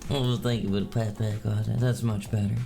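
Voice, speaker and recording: A fairly low-voiced man with a gravelly, slightly worn edge to his voice chats casually on a live stream. He reads out messages and teases viewers in a playful, mock-menacing way. Faint music sits behind him. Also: a little slow, mellow. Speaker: streamer reading chat.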